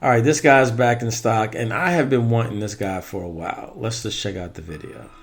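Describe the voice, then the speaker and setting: A man's voice: lowish voice, brisk, slight background noise. A man casually giving his opinions on Halloween animatronics in a rambling vlog, correcting himself as he goes. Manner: chatty, rambling with self-corrections. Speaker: Halloween prop reviewer.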